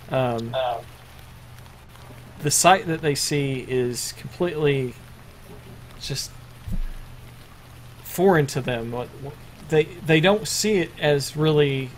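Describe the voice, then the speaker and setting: A man narrating a tabletop game as game master, halting often with fillers. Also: mid-range voice, slight background noise. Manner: hesitant, filler-heavy narration.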